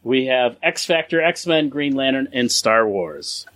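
A man hosting a trivia game among friends, taking his time over each question. His voice is bright and forceful. He reads the answer options in a dry, close-miked sound. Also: mid-range voice, animated, dry recording. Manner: slow, deliberate question reading. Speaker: trivia quiz host. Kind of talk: casual game-show chat.

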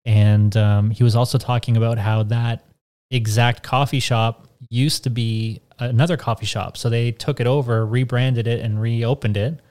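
A man's voice: mid-range voice, fairly even intonation, normal speed, a little mellow. Rambling North American man co-hosting. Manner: rambling, filler-heavy storytelling. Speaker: podcast co-host. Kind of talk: casual chat.

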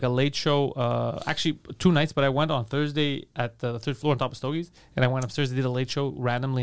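A man's voice: mid-range voice, smooth. A man co-hosting a podcast, telling comic stories in casual chat and acting out the people in them. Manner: animated storytelling, acts out quotes. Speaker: podcast co-host.

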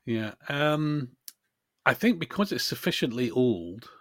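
A man's voice: medium pitch, lively intonation, measured pace, a bit bright, no echo. Tired Scottish man, hesitant and wry. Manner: hesitant, lots of "uh" and restarts, dry humour. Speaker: podcast co-host. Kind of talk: casual chat.

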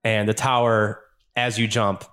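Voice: medium pitch, flat delivery, measured pace, fairly bright tone, smooth. A game master narrating a tabletop game in a loose, rambling way, often laughing.

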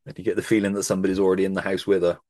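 A man with a fairly low voice talks eagerly about a horror film, dropping swears and acting out its lines. The sound is dry and close, with no room echo. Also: level tone, racing, a little mellow. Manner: enthusiastic, swears, acts out quotes. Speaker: podcast host. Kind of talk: casual film chat.

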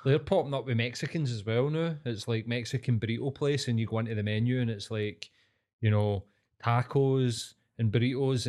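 Easygoing Scottish podcast co-host. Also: male voice, mid-range voice, a little mellow. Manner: easygoing, chuckling, swears casually. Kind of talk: casual chat.

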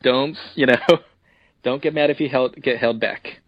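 A man's voice: medium pitch, steady tone, moderate pace, no echo, highs cut off. A man co-hosting a casual podcast, joking and laughing often. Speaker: podcast co-host.

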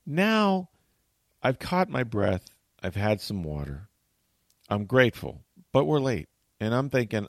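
A man hosting a talk show, telling a long story in animated, chatty fashion and acting out what people said. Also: lowish voice, unhurried, vocal fry, no room sound, clean studio sound. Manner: tells long stories, acts out quotes.

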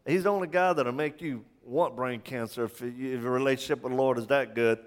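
A man preaching a sermon in a church, impassioned, firing rhetorical questions and stumbling over quick restarts. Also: mid-range voice. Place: church sanctuary. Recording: long church hall reverb.

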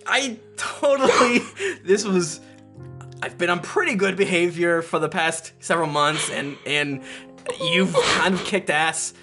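Ghost of a dead king, jokey then heartfelt, bright tone, a man voicing him. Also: high voice, measured pace, soft background music, exaggerated voice. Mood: earnest. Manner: laughing, rambling, breaks into giggles.

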